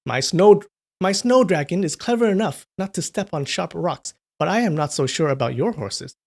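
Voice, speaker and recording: A cocky young master who teases his companions, as a man reading aloud puts him on. The voice is a little high and playful. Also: animated, moderate pace, vocal fry, a little mellow, full character voice. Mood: teasing. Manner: playful, teasing. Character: cocky, teasing young male nobleman.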